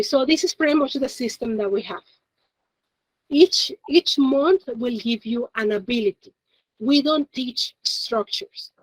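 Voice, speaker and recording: A woman's voice: on the high side, dry recording, rough recording. A woman teaching a beginner Japanese class, explaining step by step in a chatty way and laughing often. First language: Spanish. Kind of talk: classroom lesson.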